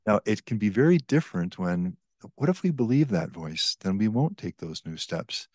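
An older man with a deep, low voice speaks as a priest and author explaining spiritual teaching on a podcast. His delivery is measured, reflective and earnest. The sound is dry and close, with no room echo. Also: a little mellow.

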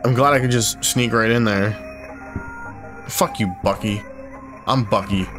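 A young man commentating a horror game as he plays, frustrated and confused, swearing often and breaking into loud startled yelps. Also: lowish voice, a little slow. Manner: frustrated, swearing a lot, bursts of loud surprise. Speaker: gaming YouTuber. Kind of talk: let's play commentary. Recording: game music playing behind.

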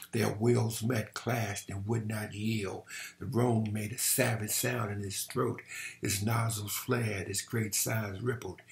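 Low, gravelly man reading a novel aloud. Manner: measured storytelling with occasional restarts.

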